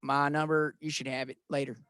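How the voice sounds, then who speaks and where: A man leading a real estate training session, coaching his audience with energetic, motivational urging. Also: on the high side, a little fast, clean tone, no room sound, studio quality. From grew up on a cattle ranch. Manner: energetic, pep-talk coaching.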